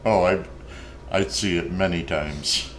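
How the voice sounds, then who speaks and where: A man's voice: low-pitched, fairly even intonation, slow pace, a bit bright, a little hiss or hum. A middle-aged man chatting casually beside his partner, answering in short dry one-liners. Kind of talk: casual chat.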